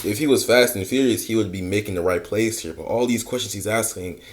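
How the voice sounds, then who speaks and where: A man's voice: lowish voice, a little fast. A man hosting a dating advice reaction, talking bluntly and casually with lots of slang. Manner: blunt, slangy, mock-lecturing.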